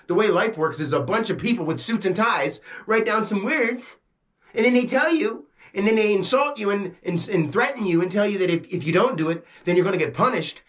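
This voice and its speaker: A man's voice: high-pitched, animated, a little fast, a bit bright. A man delivering a frustrated, preachy rant straight to camera as a self-styled spiritual teacher, swearing freely. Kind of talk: ranting monologue to camera.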